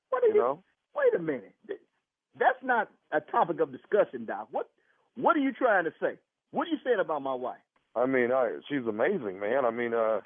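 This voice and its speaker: Prank caller, male, stammering, lively swings, tinny phone sound. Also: on the high side, brisk, breathy edge, no echo. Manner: stammering, sheepish caller trading with an outraged husband. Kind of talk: prank phone call on morning radio. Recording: dry, tinny phone line.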